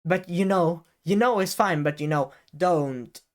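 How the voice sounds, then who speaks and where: A man's voice: a little high, unhurried. A young man talking casually to camera as a YouTuber, rambling with many fillers and restarts and the odd swear word. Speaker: YouTuber giving advice. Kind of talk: casual on-camera advice talk.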